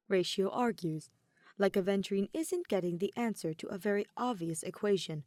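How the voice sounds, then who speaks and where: A woman narrating a story at a steady, measured pace, in a dry, close-miked audiobook style. Her voice sits at a middling pitch for a woman. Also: no echo. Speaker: podfic reader.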